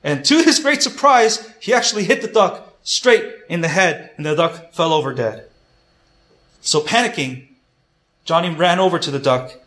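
A man's voice: fairly high pitch, animated, normal speed, fairly bright tone. A man preaching a sermon, earnest and emphatic, retelling a story and repeating his key points. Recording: echoey room.

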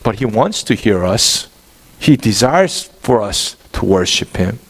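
Animated pastor preaching, man. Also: lowish voice, measured pace. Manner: animated, asks the congregation questions. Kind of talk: sermon.

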